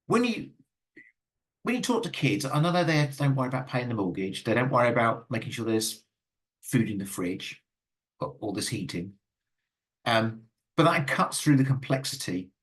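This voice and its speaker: A man's voice: mid-range voice, a bit bright. Earnest Englishman giving a webinar talk. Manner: earnest, frequent fillers and stammered restarts. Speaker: guest speaker. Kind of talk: webinar talk with audience questions.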